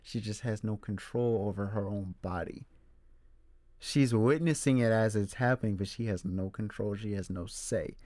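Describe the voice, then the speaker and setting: A man's voice: lowish voice, moderate pace, no echo. A young adult man hosting his own movie show, casually and animatedly retelling scenes from a film. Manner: animated retelling, acts out character quotes. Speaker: movie reviewer host.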